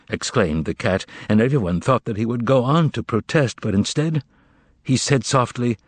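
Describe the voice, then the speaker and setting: Expressive low male narrator. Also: normal speed, no room sound. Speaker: audiobook narrator. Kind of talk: scripted narration.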